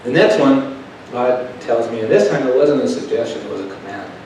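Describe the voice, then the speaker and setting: Folksy preacher telling a story, echoey church. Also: male voice, medium pitch, a little fast, slight background noise. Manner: folksy, builds from quiet asides to loud emphatic telling. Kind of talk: storytelling sermon. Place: church sanctuary. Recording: echoey church room heard from a distance.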